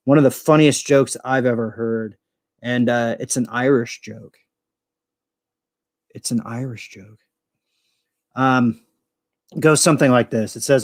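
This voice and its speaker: A man's voice: mid-range voice, steady tone, measured pace, pauses often, dry recording. Rambling, foul-mouthed man chatting dry. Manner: rambling, profane, self-deprecating. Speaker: vlogger. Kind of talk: casual chat.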